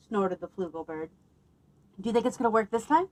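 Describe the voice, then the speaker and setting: Expressive woman reading to children. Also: mid-range voice, fairly quick, rough recording. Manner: expressive, lively, asks listeners questions. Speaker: children's librarian. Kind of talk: children's story time read-aloud.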